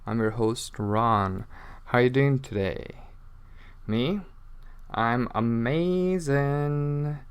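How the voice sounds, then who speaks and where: Slow-talking man hosting a casual podcast. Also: lowish voice, clean tone. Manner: relaxed, chatty, informal. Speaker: podcast host. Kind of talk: unscripted casual podcast talk. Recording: unedited home podcast.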